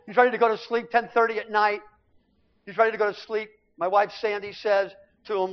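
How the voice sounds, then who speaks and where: High-voiced man telling a testimony. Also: a little fast. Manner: animated storyteller acting out family dialogue. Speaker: preacher. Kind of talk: sermon testimony storytelling. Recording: dull lo-fi recording.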